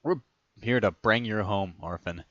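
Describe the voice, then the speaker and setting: An earnest young ally, put on by a man reading aloud, calling out with urgent pleas. His low voice sounds dull and muffled in a dry space. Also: unhurried, a bit bright.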